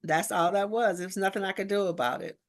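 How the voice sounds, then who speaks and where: An animated woman minister in casual chat, telling stories and putting on the voices of others. Her talk is slangy and spiritual, with a middle pitch. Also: brisk. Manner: animated storyteller, acts out quoted voices. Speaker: guest minister.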